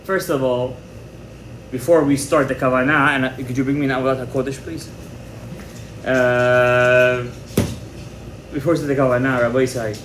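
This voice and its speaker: A man teaching a Torah class to a live audience in an animated, emphatic way, mixing in many Hebrew terms. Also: medium pitch, normal speed, long pauses, noisy background. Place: indoor room with a live audience. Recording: echoey room with faint ambience.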